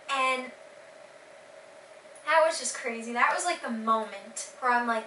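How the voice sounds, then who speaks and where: A teenage girl casually recounting her day in a vlog, gushing and excited with lots of fillers. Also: on the high side, takes it slowly, long pauses, roomy sound, distant mic, slight background noise, poor audio. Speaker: vlogger.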